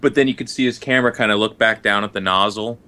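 A man playing a tabletop game, describing his character in halting, stammering bursts with swearing. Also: fairly low pitch, fairly even intonation, pushed and bright, smooth. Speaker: player.

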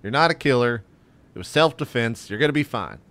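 A man voicing a male ship captain who talks briskly and reassuringly to his crew. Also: medium pitch, lively intonation, fairly bright tone.

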